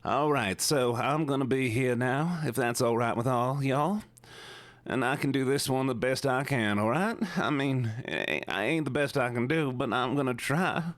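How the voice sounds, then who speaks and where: A man's voice: mid-range voice, moderate pace, no echo, lightly acted. A man putting on a drawling Southern good ol' boy. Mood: folksy. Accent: put-on American Southern. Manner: drawling, folksy. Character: folksy Southern man chatting easily.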